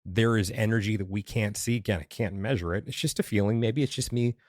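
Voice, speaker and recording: A man with a low voice hosts a conversational podcast. He speaks candidly, often pausing to find his words, and slips into playful asides. The sound is dry and close. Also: darkish tone, dry recording. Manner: candid, thinks aloud with restarts and playful asides. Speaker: podcast host, past life regressionist. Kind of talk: casual conversation.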